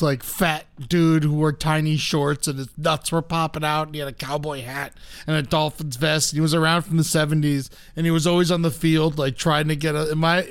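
A man's voice: fairly high pitch, clear, resonant tone. Laughing man telling jokes about his dad. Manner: laughs often, loud animated voices when quoting. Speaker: podcast co-host. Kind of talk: casual comedic storytelling.

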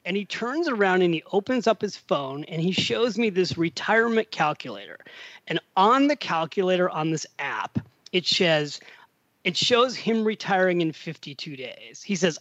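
A middle-aged American man as a podcast guest, telling a story with animated voiced-out quotes and frequent laughs. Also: high voice, moderate pace, no echo, highs cut off. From USA. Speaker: podcast guest, finance author. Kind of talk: casual storytelling interview.

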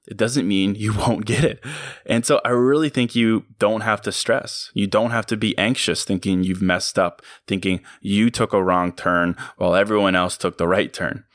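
A low-voiced man talks straight into a close mic, delivering a motivational podcast monologue. He sounds earnest and reflective and chuckles at himself from time to time. The sound is dry and close, with no room around it. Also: fairly even intonation, normal speed, few pauses, a bit bright, dry recording. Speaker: podcast host.

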